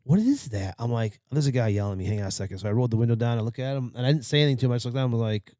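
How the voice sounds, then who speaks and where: A man rattles through a story at a quick clip, swearing freely and acting out every quoted line with gusto. The sound is close and dry, with no room around it. He talks like a podcast co-host chatting with friends. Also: mid-range voice, steady tone, dark tone, no echo. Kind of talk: casual storytelling chat.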